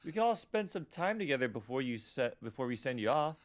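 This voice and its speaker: A man reading the lines of a caring, stubborn immigrant mother aloud from a story game, in an earnest, softly pleading way. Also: medium pitch, very animated, brisk, lightly acted. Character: caring middle-aged immigrant mother, gentle but stubborn.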